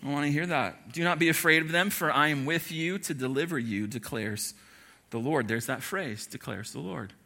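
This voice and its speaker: A pastor delivering a sermon, preaching emphatically with repeated lists and rhetorical questions. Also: male voice, a little high, moderate pace, creaky, sharp tone.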